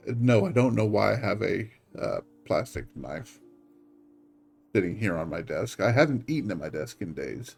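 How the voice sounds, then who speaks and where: A man's voice: fairly low pitch, expressive, moderate pace, vocal fry, a little mellow, faint music behind. Rambling, self-mocking male streamer. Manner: rambling, self-deprecating asides. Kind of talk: casual live-stream chat.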